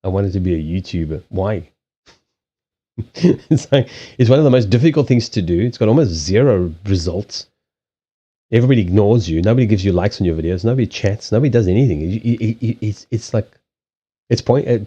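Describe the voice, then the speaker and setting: A live streamer who does card readings talks loosely from a desk in a small home, his voice low, mellow and husky. He rambles with many restarts and swears casually. His desk microphone on a stand gives the sound a dull, lo-fi quality.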